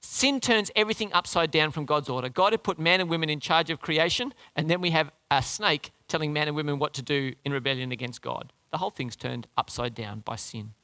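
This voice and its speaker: A man preaching a sermon in a lively, conversational way, often asking the congregation questions. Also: fairly high pitch, brisk, hardly any pauses, no echo. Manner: lively, conversational, asks the crowd questions, restarts.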